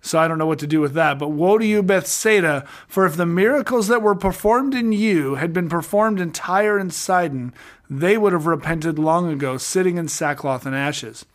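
A man's voice: fairly high pitch, moderate pace. A middle-aged man hosting a podcast, talking through a Bible passage in a casual, jokey way with slangy asides. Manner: jokey, animated, slangy retelling of scripture. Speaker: podcast host. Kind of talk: casual Bible study chat.

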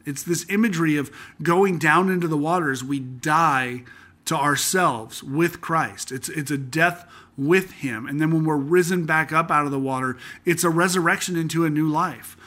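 A man hosting a casual Bible-study podcast, talking earnestly and conversationally, slowing down to read scripture aloud. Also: on the high side, pushed and bright. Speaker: podcast host teaching through a Bible book.

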